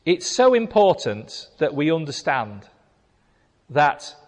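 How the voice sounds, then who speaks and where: Male preacher, emphatic sermon, pitch swinging widely, long reverberant echo. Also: sing-song, takes it slowly. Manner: emphatic, repeating key phrases.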